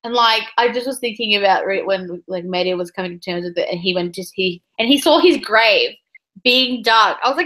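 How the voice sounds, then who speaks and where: A woman's voice: medium pitch, brisk, bright, forceful tone, rough recording. A woman chatting on a video call about a book, thinking aloud and swearing freely. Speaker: book club co-host. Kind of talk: casual video call chat.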